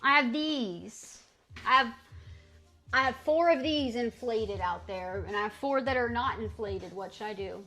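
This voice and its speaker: A woman's voice: a little high, a little slow, a bit bright. An American woman streamer chatting casually with her viewers, playfully trying out clumsy French phrases. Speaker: livestreamer.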